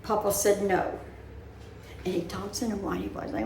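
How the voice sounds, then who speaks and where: A woman's voice: medium pitch, little pitch movement, moderate pace, gravelly, pauses often, darkish tone. An older woman chatting casually to her viewers from her living room, rambling as she talks her worries through, in a roomy recording with a little background noise. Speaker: vlogger. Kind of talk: casual chat.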